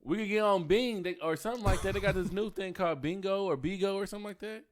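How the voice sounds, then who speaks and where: A man co-hosting a podcast, telling stories loudly with lots of laughs in casual banter. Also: sits high, fast. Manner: loud, laughing, jokey storytelling. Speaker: podcast co-host. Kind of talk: casual chat.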